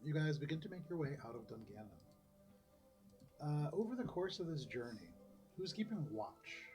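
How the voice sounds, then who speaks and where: A man running a tabletop game as game master, narrating scenes in a relaxed, descriptive way. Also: fairly high pitch, normal speed, faint music behind. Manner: descriptive, relaxed, laughs often.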